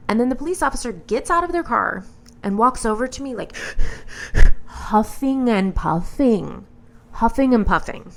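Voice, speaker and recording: A woman host telling a personal story as commentary, in an animated, blunt and exasperated way. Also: mid-range voice, creaky.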